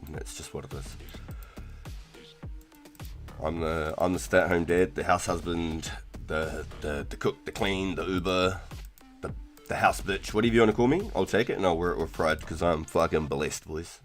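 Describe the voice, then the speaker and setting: Low-voiced kiwi dude just rambling on stream, loose and laid back, bit of music in the back. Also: male voice, moderate pace. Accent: New Zealand. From New Zealand. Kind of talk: casual live-stream chat.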